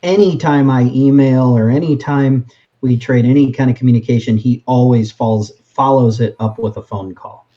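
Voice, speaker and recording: A man's voice: medium pitch, moderate pace, mellow. A man chatting as a tabletop game player, telling a story about a coworker. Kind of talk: tabletop role-play chat. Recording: dull lo-fi mic.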